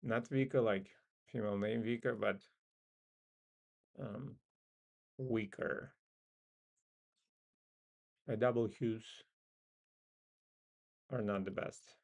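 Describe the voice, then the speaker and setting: A man's voice: on the low side, steady tone, slow pace, gravelly, pauses often, a little mellow. A man with a non-native English accent hosts a casual live trading stream. He muses and thinks aloud with frequent ums. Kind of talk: casual live market commentary.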